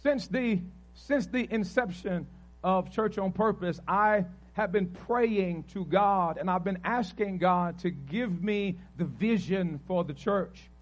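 A man preaching a sermon as pastor, telling a story with animated asides and repeated praise refrains. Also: sits high, takes it slowly, highs cut off.

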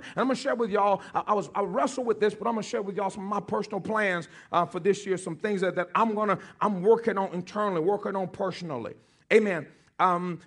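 High-voiced husky preacher. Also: male voice, fairly bright tone. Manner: joking with the congregation, calling for responses; repeats key phrases for emphasis. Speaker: pastor. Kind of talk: sermon.

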